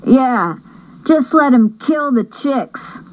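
A woman's voice: sits high, animated, muffled recording, voice pushed up. A woman doing rowdy joking boy brothers. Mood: goofy. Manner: fast, goofy, teasing banter.

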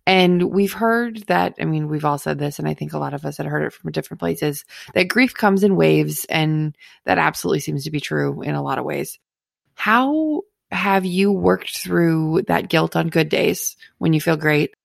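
Deep, very gravelly woman host. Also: no room sound, clean studio sound. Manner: thoughtful, measured questions. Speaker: podcast host. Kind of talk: interview question.

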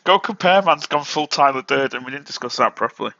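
Dry-witted co-host, lo-fi sound. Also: male voice, mid-range voice, expressive, fairly quick, gravelly, pushed and bright. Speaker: podcast co-host. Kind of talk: casual banter podcast. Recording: dull lo-fi sound.

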